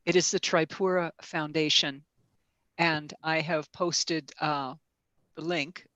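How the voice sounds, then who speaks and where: A call host in casual chat, chatty and quick to laugh. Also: medium pitch, fairly even intonation, sharp tone, no echo.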